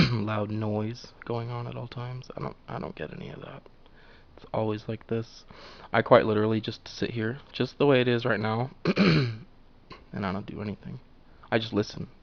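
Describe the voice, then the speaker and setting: A man's voice: mid-range voice, normal speed, vocal fry. A young man in a casual, profane monologue while drawing, laughing often and full of fillers. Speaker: vlogger drawing on camera. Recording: dull lo-fi home recording.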